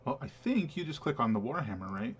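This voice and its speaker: A man running an online tabletop game as game master, pausing often with fillers as he explains the rules. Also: medium pitch, very animated, a bit bright, husky, highs cut off. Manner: hesitant, many filler pauses while explaining rules.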